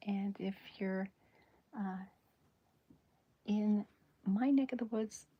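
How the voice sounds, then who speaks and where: A woman chatting in a soft-spoken, whispery way during an ASMR drawing livestream, rambling and correcting herself as she goes. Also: medium pitch, slow, slightly rough, highs cut off. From American South. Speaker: cartoonist streaming live.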